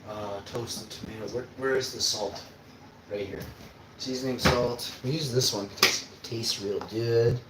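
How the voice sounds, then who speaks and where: A man on a casual livestream, cooking in his kitchen and swearing constantly as he rants, with sudden loud outbursts. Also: mid-range voice, fairly even intonation, measured pace. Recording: roomy with faint background hum.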